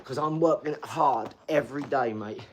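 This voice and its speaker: A man's voice: medium pitch, normal speed, slight background noise. A man, possibly, talking casually to viewers in an upbeat, rambling vlog between workouts. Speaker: vlogger. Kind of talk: casual vlog talk while training.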